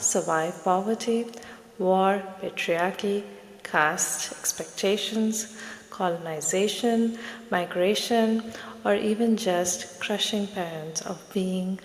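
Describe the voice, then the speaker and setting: A woman psychotherapist giving a gentle, soothing reflective talk in short measured phrases. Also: mid-range voice, creaky, reverberant, long reverb tail. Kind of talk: reflective therapy talk to camera.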